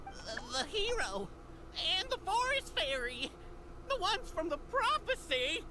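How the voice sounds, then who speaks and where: A woman's voice: extremely high pitch, big pitch swings, slow, a crowd in the background, exaggerated voice. A woman voicing an eager, deferential male toy train conductor in a video game, with a Southern US twang. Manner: formal, deferential.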